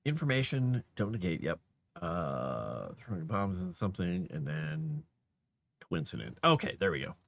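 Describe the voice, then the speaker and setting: A man on a casual livestream, thinking aloud to himself as he formats a document and grumbling at the software. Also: low voice, big pitch swings, moderate pace, vocal fry. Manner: mutters to himself while working, grumbles at software.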